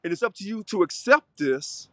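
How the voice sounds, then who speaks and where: A man's voice: sits high, animated, moderate pace, pushed and bright, no echo. A man who is a union local president, giving a preachy, fiery, repetitive unscripted video monologue.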